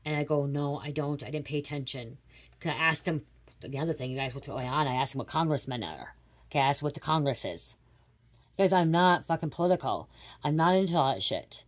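A woman in her late thirties talks through a psychic reading in a low voice. She rambles quickly and confides, with casual swearing dropped in. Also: lively intonation. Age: 30s. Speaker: tarot reader.

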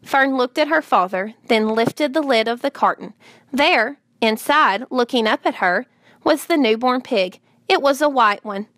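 Female audiobook narrator, measured, fairly high voice, dry close sound. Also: no room sound. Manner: measured, gently expressive. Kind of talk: reading a children's novel aloud.

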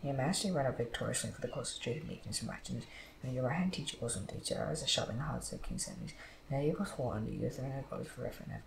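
A man's voice: medium pitch, racing, creaky. Man reading scripture in an echoey room. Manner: steady reading with slips and restarts. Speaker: Bible reader. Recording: echoey room with background noise.

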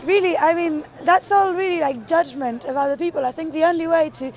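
A woman giving her opinion in an interview, animated and firm. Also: very high voice, brisk. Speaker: student interviewee. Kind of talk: street vox pop answer.

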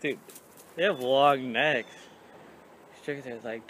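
A young man talking casually to the camera in a vlog, with playful joking asides. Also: measured pace. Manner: playful, yells silly catchphrases in a high voice. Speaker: vlogger.

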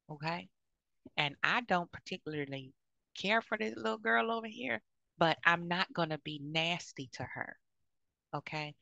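A woman's voice: low voice, vocal fry, pushed and bright, no echo. A woman in her fifties giving blunt, outspoken advice to other women, often checking in with "okay?". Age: 50s. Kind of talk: frank advice monologue.

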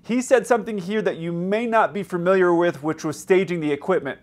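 Male host, higher-pitched, breaks things down in a casual, teaching way. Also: fairly quick. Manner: explanatory, conversational. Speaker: aviation video host. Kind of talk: commentary on radio recordings.

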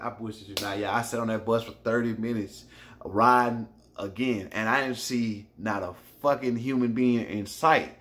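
Bright-voiced man telling a story. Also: on the low side, moderate pace. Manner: animated, profane, addresses listeners directly. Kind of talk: casual storytelling vlog.

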